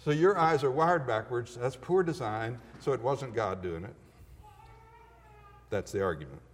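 A man's voice: mid-range voice, lively intonation, measured pace, long reverb tail, a little hiss or hum. A man giving a classroom lecture, emphatic and full of rhetorical questions.

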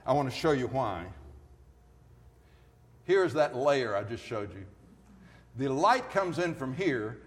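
A man's voice: mid-range voice, expressive, slow, pauses often, long reverb tail. A man giving a classroom lecture, emphatic and full of rhetorical questions.

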